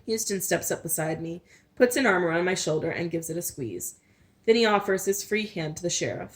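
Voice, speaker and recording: Woman reading a story in a lowish voice. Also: lively intonation, fairly quick. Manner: first-person narration with small slips and restarts. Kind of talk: reading a novel aloud.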